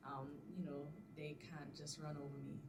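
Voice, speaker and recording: A young woman in her twenties, a teacher, telling an animated story on a casual podcast, quick to laugh and act out what people said. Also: low-pitched. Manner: animated storyteller, laughing often, acting out quotes. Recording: distant mic with noticeable background noise.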